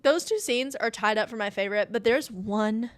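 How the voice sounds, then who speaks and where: A woman's voice: a little high, normal speed, no echo. A young woman hosts a podcast and gushes over a favorite movie, full of fillers and squealing bursts. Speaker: podcast host. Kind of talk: excited movie review chat.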